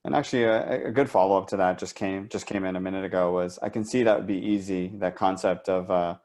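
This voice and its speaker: A man's voice: sits low, fairly even intonation, fast, a little mellow. A man moderating a webinar, politely relaying audience questions with hesitant fillers.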